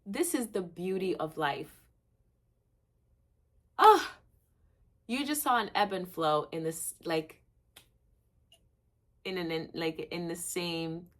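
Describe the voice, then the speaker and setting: A young woman hosting a gratitude vlog, talking candidly to camera and rambling with lots of "like.". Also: measured pace. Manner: candid, rambling, heavy use of "like"; laughs at herself, swings between low and excited. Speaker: vlog host.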